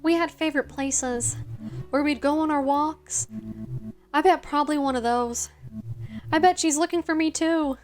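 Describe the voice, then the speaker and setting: A woman voicing an excitable, friendly ghost dog who chatters sweetly. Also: high-pitched, normal speed, pauses often, soft background music, lightly acted. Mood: excited.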